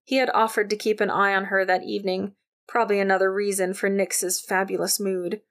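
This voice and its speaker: A woman narrating an audiobook with a wry, lively way of telling the story. Her voice has a gravelly fry at the low end of her lines, and it sits at a middling pitch. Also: fairly quick.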